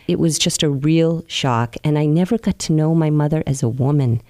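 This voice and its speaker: A woman recounting her life in an interview, earnest and open, with soft pauses as she reflects. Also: low-pitched, no room sound. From New England, US. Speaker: interview guest.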